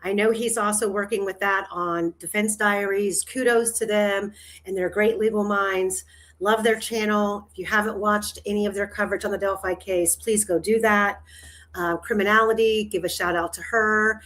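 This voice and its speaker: In a mid-range, fairly bright voice with fairly even intonation and normal speed, a woman hosts a casual livestream. Her talk rambles and trails, full of restarts and frequent laughter.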